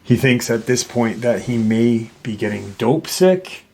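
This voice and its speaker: A man hosting a paranormal channel, retelling a witness's encounter in a halting way, with many fillers and restarts. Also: medium pitch, gravelly, a little mellow.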